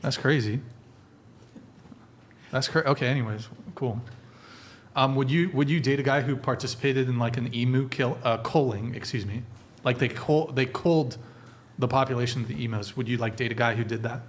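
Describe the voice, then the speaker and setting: A podcast host with a medium-pitched male voice banters casually on a live stream at normal speed, with slight noise in the background. He's loose and profane, swearing freely as he gives his crew orders.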